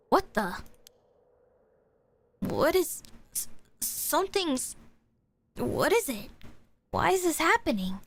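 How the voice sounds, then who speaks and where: A young woman streaming a horror visual novel, reacting excitably with shrieks and swearing whenever something startles her. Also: high voice. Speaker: virtual streamer. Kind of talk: live horror game commentary.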